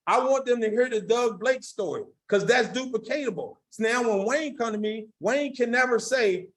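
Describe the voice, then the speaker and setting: A man's voice: extremely high pitch, normal speed, few pauses, a bit bright. A man coaching sales agents in a motivational training talk, emphatic and folksy, repeating his key lines and speaking straight to the audience. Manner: casual, folksy phrasing. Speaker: insurance sales recruiting trainer.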